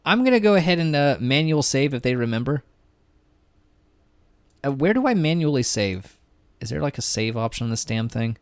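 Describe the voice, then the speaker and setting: A man's voice: mid-range voice, sing-song, normal speed, long pauses, smooth, no room sound. A man streaming a game, giving casual, rambling commentary full of jokes and swearing. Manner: joking, profane, rambling.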